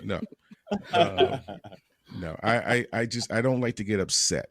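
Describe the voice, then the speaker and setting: A man talking casually as a guest on a panel discussion, halting often and repeating words as he looks for them. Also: lowish voice, a bit bright, no echo, studio quality.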